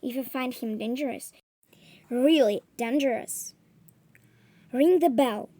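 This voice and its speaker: A woman's voice: high-pitched, takes it slowly, mellow, no room sound. A woman voicing a polite, anxious lady who warns in a worried, pleading tone. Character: anxious polite wife of a professor.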